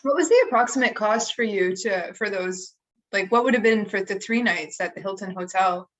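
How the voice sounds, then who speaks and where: A woman's voice: medium pitch, moderate pace, a bit bright, poor audio. A woman interviewing a guest with brief, prompting questions.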